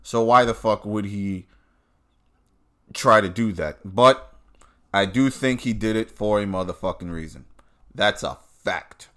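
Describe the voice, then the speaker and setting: A man's voice: on the low side, measured pace, pauses often, fairly bright tone. A man hosting his own show, ranting bluntly and swearing constantly, recorded in a car. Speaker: podcast host. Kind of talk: profane ranting commentary.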